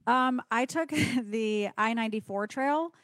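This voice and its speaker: A woman's voice: a little high, measured pace, very noisy. Giggly woman. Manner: giggly, chatty. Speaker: co-host. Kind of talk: casual chat.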